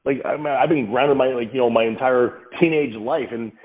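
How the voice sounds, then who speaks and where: An earnest man answers interview questions at a steady middle pitch. He talks through his ideas with down-to-earth examples. His voice comes through thin and tinny, like a phone line. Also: a little fast. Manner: earnest, reflective, explains with examples. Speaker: podcast guest, father of several kids.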